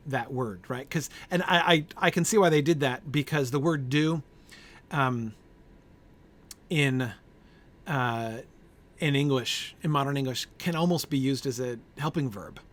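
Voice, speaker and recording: Unhurried and a bit bright, a man's mid-range voice guides an informal Bible study discussion. He muses aloud with lots of fillers and "right?" check-ins, replying to group members by name.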